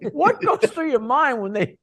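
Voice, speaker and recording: A man's voice: extremely high pitch, very animated, takes it slowly, fairly bright tone, dry recording. A man co-hosting a comedy talk show, asking questions and mimicking voices with a laugh. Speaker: podcast co-host. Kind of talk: casual interview chat.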